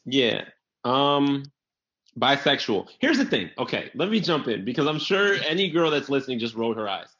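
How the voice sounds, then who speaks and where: A man's voice: mid-range voice, normal speed. Guy chatting on a podcast, acts out quotes, swears a lot, kinda dull lo-fi sound. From New York area. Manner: animated storyteller, acts out quotes, swears freely. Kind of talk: casual comedic chat. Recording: slightly dull lo-fi audio.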